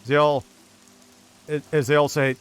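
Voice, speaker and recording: Clear-voiced man narrating as game master. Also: a little high, flat delivery, measured pace.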